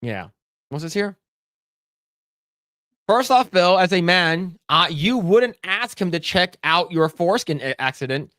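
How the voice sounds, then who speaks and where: Blunt, profane man with a higher voice. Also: a little slow, long pauses, no echo, clean studio sound. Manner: blunt, profane, lively storytelling. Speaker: podcast co-host. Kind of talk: casual podcast chat.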